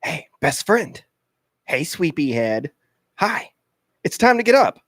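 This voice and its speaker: Man doing a whiny, overeager teen boy, pitch bouncing all over, dry close sound; comedy radio skit. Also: very animated, slow, fairly bright tone, dry recording, heavily acted. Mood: sing-song. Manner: whiny, overeager, sing-song. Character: clingy teenage boy Steve, needy and creepy.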